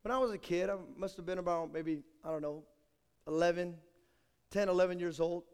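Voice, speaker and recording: A male pastor preaching a sermon with dramatic storytelling, swinging between loud and soft. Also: sits high, steady tone, brisk, clean tone. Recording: echoey hall.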